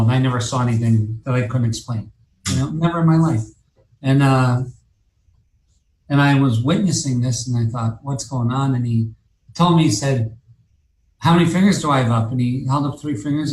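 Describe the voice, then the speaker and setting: A man's voice: medium pitch, reverberant, a little hiss or hum, low-quality recording. A man telling a long personal story in casual talk, rambling and profane, with many restarts and fillers. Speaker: guest telling his story.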